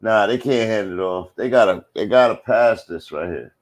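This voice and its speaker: A man with a fairly low voice, talking at normal speed, narrates the play live in a casual style. He speaks straight to his audience using slang and lets out loud exclamations at the big moments.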